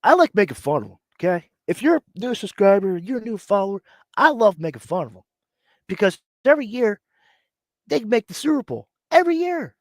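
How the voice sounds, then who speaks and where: A man's voice: sits high, brisk, no room sound. A man hosting a live sports stream, ranting and mocking rival teams while sick with a cough. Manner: animated, mocking, mimics players. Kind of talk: casual live-stream rant.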